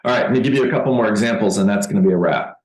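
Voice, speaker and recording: A man giving a motivational sales training talk as a real estate coach, deliberate and emphatic, repeating key phrases. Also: on the low side, darkish tone, roomy sound, poor audio.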